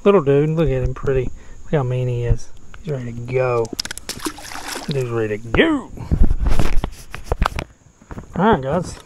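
A man's voice: mid-range voice, lively intonation, measured pace, pauses often. A man, rambling casually to his viewers while fishing outdoors on a camera. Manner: laid-back, rambling, talks to viewers. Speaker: fishing vlogger. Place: outdoors on the water. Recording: faint outdoor noise.

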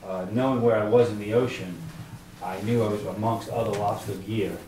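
A middle-aged man tells his own story at a library author talk, conversational and halting, with many fillers, acting out his own thoughts. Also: fairly low pitch, fairly even intonation, background noise. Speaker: author and fisherman telling his survival story. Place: library event room. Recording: echoey room, distant mic.

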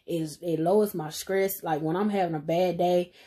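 A woman's voice: lowish voice, steady tone, moderate pace, husky, no room sound. A young woman beauty vlogger chatting casually through a makeup tutorial, self-deprecating and talking straight to her viewers. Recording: loud hip hop music playing behind.

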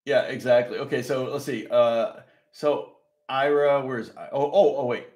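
A man's voice: mid-range voice, unhurried, darkish tone. Chatty man teaching guitar on a live stream. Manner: rambling and self-correcting, chatty. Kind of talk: live-streamed guitar lesson with chat questions. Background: guitar playing.

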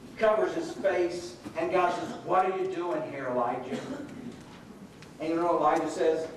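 A middle-aged man preaches with a fairly high voice, retelling the story and slipping into quoted voices. He is heard from a distance, and the sound rings around a large, very echoey hall with a faint hiss underneath. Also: moderate pace. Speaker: pastor. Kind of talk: sermon. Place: church sanctuary.

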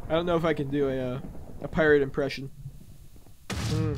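A man hosting a let's play, commentating excitedly with loud exclamations and jokes. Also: a little high, brisk, long pauses, slight background noise. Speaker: gaming channel host.

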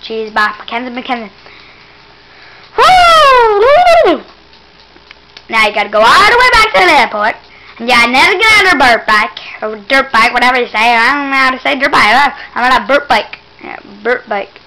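High, bright, excitable woman commentator. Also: rough recording. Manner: excitable, exclaiming over and over; teasing, mock-scolding. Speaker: gameplay commentator. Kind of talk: casual gameplay commentary.

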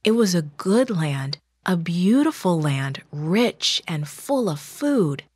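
Woman narrator, kids' Bible story, unhurried and lowish, dry close sound. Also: very animated, slightly rough, no echo. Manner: slow, measured, gentle reading.

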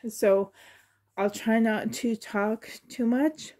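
A woman vlogger with a sore throat and cough chats through a doll unboxing, gushing with excitement and trying to spare her voice. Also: fairly high pitch, takes it slowly. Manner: excited and gushing, often laughing; holds back her voice, sometimes drops to a whisper. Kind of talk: casual unboxing chat.

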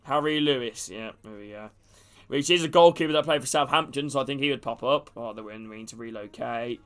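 A man's voice: medium pitch, fairly quick, a bit bright, faint music behind. A man casually commentating a game stream, chatting with viewers and calling them by name. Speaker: gaming streamer.

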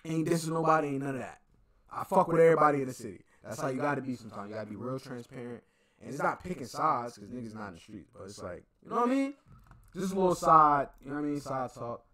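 A man riffs over a video clip in loose, slangy reaction commentary, his pitch jumping all over as he talks. He rambles, trails off and catches himself mid-thought. Crowd noise from the playing clip sits clearly behind him. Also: expressive, quick pace.

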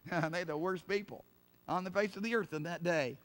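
A male pastor preaching a sermon, repeating his points, laughing and saying hallelujah, and rising to loud fervent cries of prayer. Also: high voice, normal speed.

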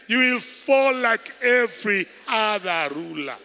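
Kenyan male bishop, high gravelly sermon voice, church hall reverb. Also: animated, moderate pace. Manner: preaching loudly, calling out to the congregation. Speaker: bishop preaching.

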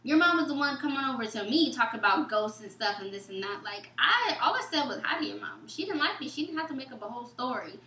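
Bright-voiced woman telling a story, echoey room. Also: high voice, fast talker, hardly any pauses, slight background noise. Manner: animated, acts out quoted texts and dialogue; casual, informal speech. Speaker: guest. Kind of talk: storytelling in a Q&A chat.

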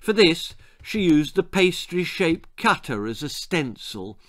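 A man reading his own darkly comic children's story aloud, theatrical and lively, voicing every character himself. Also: on the high side, measured pace, no echo, studio quality.

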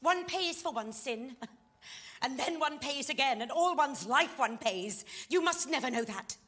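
In a stage play scene, an actress plays a fallen society woman who pleads urgently and passionately. Her voice is high-pitched and a bit bright, with lively intonation and an unhurried pace.

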